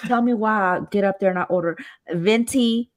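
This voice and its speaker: A woman's voice: medium pitch, moderate pace. A woman co-hosting a casual livestream chat, reading out viewer comments and telling stories. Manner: chatty storytelling.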